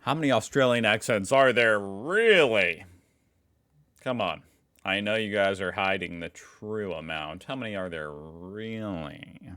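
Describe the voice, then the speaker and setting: A man's voice: fairly low pitch, moderate pace, fairly bright tone, clean tone. An American man hosting a reaction video, chatting casually with jokey, self-mocking asides. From United States.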